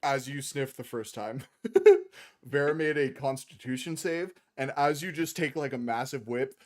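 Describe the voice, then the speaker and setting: A man runs a tabletop game as its game master, describing scenes and calling for dice rolls. He talks in a relaxed, jokey way and reaches for crude humor. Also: medium pitch, unhurried. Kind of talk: casual tabletop game narration.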